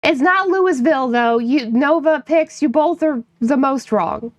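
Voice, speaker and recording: Giggly high-voiced woman streamer. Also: slow pace, no echo. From upstate New York. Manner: playful, laughs often, teases chat. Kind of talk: casual live-stream chat with viewers.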